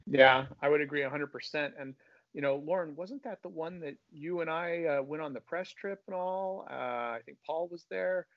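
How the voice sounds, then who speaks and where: A man's voice: fairly high pitch, normal speed, dry recording, dull audio. A man on a car panel, explaining with enthusiasm and in full, articulate sentences. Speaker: automotive panelist. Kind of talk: casual panel chat.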